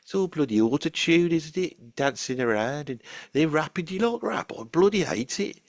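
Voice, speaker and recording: Grumpy Birmingham-accented man, gravelly and a little high, dry close sound, rambling comic storyteller. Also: animated, normal speed, no room sound. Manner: grumpy, rambling, swears casually. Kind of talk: comic character monologue.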